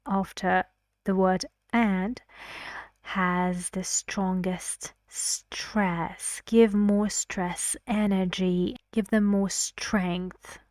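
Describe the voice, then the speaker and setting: A woman teaching an English pronunciation lesson, speaking slowly and clearly and reading example sentences aloud. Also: medium pitch, darkish tone, no room sound, clean studio sound.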